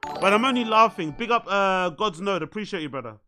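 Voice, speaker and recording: A man hosting a live reaction stream, excitable and swearing often as he laughs along. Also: high voice, a little fast, soft background music. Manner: excitable, swears heavily, laughs at own remarks. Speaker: streamer host.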